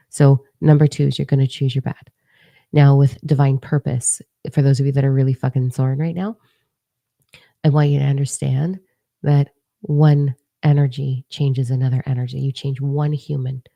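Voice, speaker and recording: Woman, middle-aged, from canada, low pitch, gravelly, blunt, profane, motivational monologue. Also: moderate pace, dry recording, studio quality. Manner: blunt, profane, animated storytelling. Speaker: spiritual coach.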